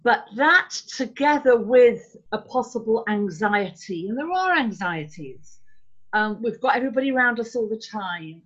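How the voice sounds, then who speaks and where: A woman giving a parenting workshop talk in a measured, thoughtful way, with frequent ums and words slowed for emphasis. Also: fairly high pitch, expressive, a bit bright. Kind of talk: live online talk. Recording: dull lo-fi sound.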